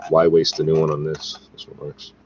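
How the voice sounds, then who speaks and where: A man's voice: rumbling low, completely flat delivery, moderate pace. A man in a rambling, agitated, profane monologue to his camera, recorded on the device's own mic. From Canada. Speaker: vlogger. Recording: dull lo-fi with faint noise.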